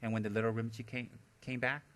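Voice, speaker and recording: A man, a Buddhist teacher, giving a dharma talk as animated storytelling, often laughing and teasing his listeners. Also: medium pitch, fast.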